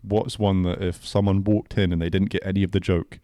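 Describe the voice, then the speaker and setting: Young man, English accent, low voice, dry close sound, playful podcast banter. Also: little pitch movement, dark tone, dry recording. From England. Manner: joking, playful, quick to mimic voices. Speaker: podcast co-host. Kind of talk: casual chat.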